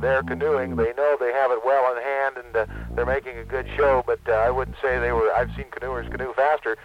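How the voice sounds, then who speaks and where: A man's voice: mid-range voice, flat delivery, brisk, creaky. A man reporting live from the water by radio, rambling with many fillers as he describes the canoes. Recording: muffled radio link with faint noise.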